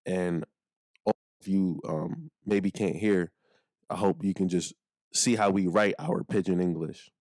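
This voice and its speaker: Deep-voiced Nigerian man teaching phrases. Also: steady tone, a little mellow, no echo, studio quality. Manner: slows down to model phrases for repeating. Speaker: language teacher. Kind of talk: casual spoken lesson.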